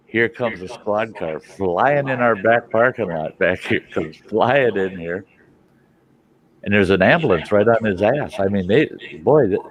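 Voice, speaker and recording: A middle-aged man hosting a live stream, telling a long, profane story and acting out the other people's voices. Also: low-pitched. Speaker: host. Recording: dull lo-fi stream audio.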